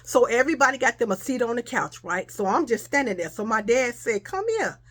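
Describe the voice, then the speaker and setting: A woman's voice: fairly high pitch, fairly quick. Chatty woman telling a storytime. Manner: chatty, addresses listeners as y'all, acts out quotes. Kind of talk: casual storytime.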